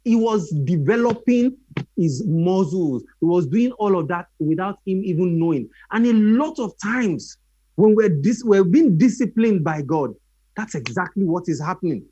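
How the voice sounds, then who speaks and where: A man's voice: high voice, normal speed, slightly rough, dry recording, muffled recording. A man preaching a sermon, telling stories animatedly and acting out voices. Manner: animated storytelling with acted voices.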